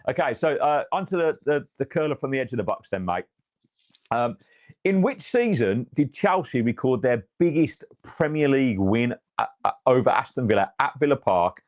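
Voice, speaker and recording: A man's voice: mid-range voice, animated, normal speed. A man hosting a casual football podcast, quizzing his co-hosts, chatty and swearing now and then. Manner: chatty, says mate a lot, swears. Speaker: host asking quiz questions.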